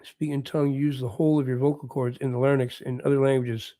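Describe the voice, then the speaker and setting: A man's voice: mid-range voice, level tone, quick pace, dark tone. A man from Canada hosting a livestream, chatting casually with viewers' comments, rambling, repeating himself and chuckling often. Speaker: livestream host. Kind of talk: casual chat answering live comments.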